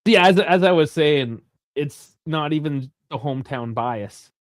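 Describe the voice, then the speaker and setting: A young man hosting a live football watch-along, chatty and rambling, swearing freely and bursting into shouts at big chances. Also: fairly high pitch, animated, a little slow, no echo, studio quality. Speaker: live stream host.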